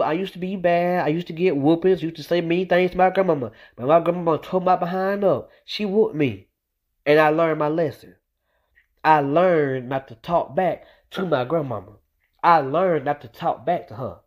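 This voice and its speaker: A man's voice: sits high, a little mellow. Young man preaching in emphatic, repetitive talk. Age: young adult. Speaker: vlogger. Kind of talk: casual personal storytelling monologue.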